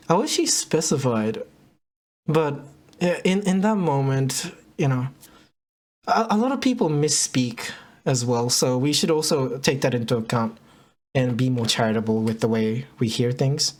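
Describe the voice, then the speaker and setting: A man rambling through livestream reaction commentary, correcting himself and laughing at his own words. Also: fairly high pitch. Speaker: commentary streamer.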